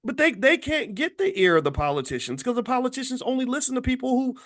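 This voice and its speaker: A man's voice: very high-pitched, fast. A man hosting his own channel, giving a heated unscripted opinion monologue, repeating points and stumbling over words as he gets worked up. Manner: emphatic, repetitive, rising and heated when animated. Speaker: channel host, finance commentator.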